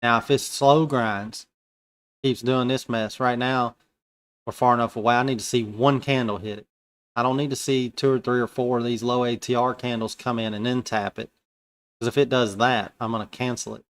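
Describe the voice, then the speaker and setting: In a live trading commentary, a man walks through his futures positions as they unfold, chatting casually and slangily while he thinks aloud. He keeps a moderate pace at an everyday pitch.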